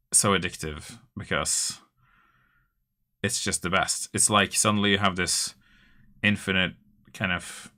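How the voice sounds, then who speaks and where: A man's voice: sits low, bright, forceful tone. A man chatting casually as a host, rambling loosely with many fillers. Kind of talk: casual chat.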